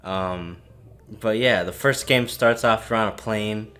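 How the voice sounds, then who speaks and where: A man's voice: fairly low pitch, unhurried, a bit bright. A tipsy man on a podcast, rambling loosely through a story and laughing at his own bits. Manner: rambling, laughing, silly put-on quote voices. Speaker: podcast co-host. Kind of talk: casual drunken story retelling.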